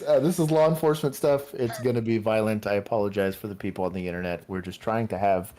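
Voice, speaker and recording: A man's voice: on the low side, steady tone, fast, hardly any pauses, mellow. A man from Texas co-hosting a casual livestream, joking and rambling with frequent laughs. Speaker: livestream co-host.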